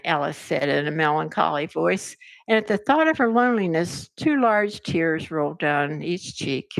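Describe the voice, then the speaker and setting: Expressive older woman reading a storybook. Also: sits low, creaky, no room sound. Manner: expressive, measured narration. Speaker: resident reader. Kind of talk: storybook read-aloud.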